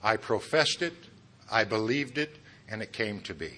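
A middle-aged man tells his story at a recovery meeting, turning his own failings into jokes. His voice is bright and forceful, and he keeps chuckling at his own lines. He throws asides straight at the listeners. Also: lowish voice, animated, normal speed. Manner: talks straight to the audience with asides. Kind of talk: humorous personal testimony.

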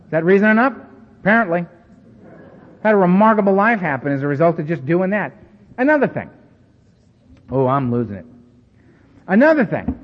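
A man with a high, very expressive voice addresses a recovery meeting, telling stories in an animated, self-mocking way. He acts out the dialogue as he goes. The recording is dull and carries the long reverb of a large hall. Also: fairly quick, pauses often. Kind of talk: storytelling talk to an audience.

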